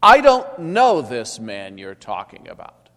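A man's voice: medium pitch, lively intonation, unhurried, pitched above the performer's own voice. A man voicing a frightened disciple who denies things emphatically and defensively. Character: frightened fisherman disciple denying, adult man. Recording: long hall reverb.

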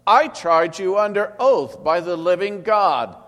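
A man voicing a stern, imperious high priest who declaims loudly and indignantly. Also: normal speed, lightly acted. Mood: outraged. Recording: long hall reverb.

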